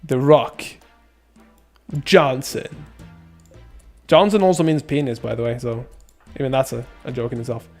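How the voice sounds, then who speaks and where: A man's voice: medium pitch, steady tone, a little slow, pauses often, a little mellow. A young man doing casual gameplay commentary, rambling and joking as he reads chat. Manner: joking, rambling, laughs often, silly sound effects. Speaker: streamer. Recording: faint music behind.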